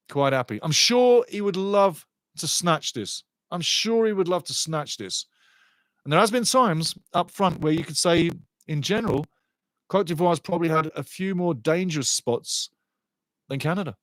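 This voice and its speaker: A man commentating live on a soccer match for a watchalong stream, excitable and sarcastic, often repeating his phrases. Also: on the high side, no echo, clean studio sound.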